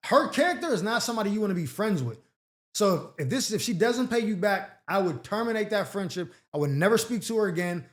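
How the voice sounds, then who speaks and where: A man with a high voice gives casual advice on listener letters. He is blunt and slangy and reacts in an animated way. The room sounds echoey. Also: brisk. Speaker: advice show host.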